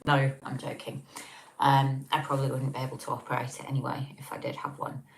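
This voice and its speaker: A woman with an English accent hosts a casual livestream at home, reading comments and chatting in a bass voice that's monotone, creaky and a little fast. She rambles with many ums, and the tablet on the table she records on picks up a little hiss or hum.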